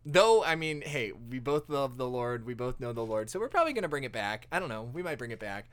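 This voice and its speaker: A man's voice: medium pitch, big pitch swings, fairly quick, a bit bright, no room sound. A man hosting a podcast in a studio, chatting casually and joking around with his friend. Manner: playful, laughs often, jokey. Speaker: podcast host. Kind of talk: casual chat.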